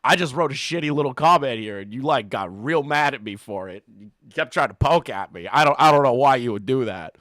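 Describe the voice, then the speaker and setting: A man's voice: medium pitch, animated, fairly quick, a bit bright, no room sound, studio quality. A man hosting a commentary channel, ranting in a profane, mocking way and laughing between jabs.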